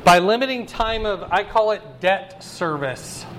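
Animated high-voiced man preaching. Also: unhurried, background noise. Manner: animated, swings pitch high when voicing God's words, checks in with "okay?". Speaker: pastor or Bible teacher. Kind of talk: sermon, Bible study teaching.

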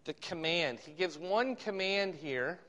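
A man preaching a sermon, reading scripture slowly and with emphasis, then explaining it in a conversational way. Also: a little high, animated, pushed and bright. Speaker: pastor. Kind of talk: expository sermon. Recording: long hall reverb.

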